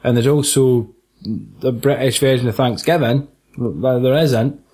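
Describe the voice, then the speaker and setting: A man's voice: medium pitch, unhurried, darkish tone, husky. A man with a Scottish accent, co-hosting a casual film podcast, swearing and laughing through jokey banter. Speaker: podcast co-host.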